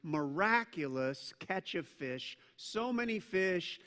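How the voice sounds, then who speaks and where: A man preaching a sermon as pastor, animated in his storytelling, acting out scripture voices, and dropping self-deprecating asides. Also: sits high, takes it slowly, big-room sound.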